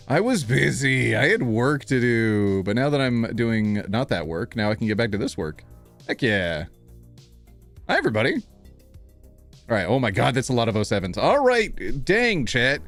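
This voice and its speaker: An excitable man chatting live to his viewers from a home office, his voice swooping up and down in pitch. He laughs often and breaks into happy squeals. Faint music plays underneath. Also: normal speed, pauses often. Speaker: livestream host. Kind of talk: casual live-stream chat.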